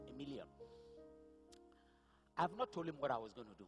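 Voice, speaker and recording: A man's voice: medium pitch, sing-song, normal speed, long pauses, music in the background. A man telling a personal testimony as a sermon, vivid storytelling that builds to impassioned cries. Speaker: pastor. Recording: echoey hall reverb.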